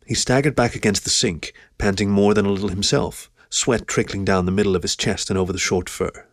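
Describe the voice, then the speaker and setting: A man reading an adult story aloud as a steady audiobook narrator. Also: lowish voice, a little fast, dry recording, clean studio sound. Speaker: audiobook reader.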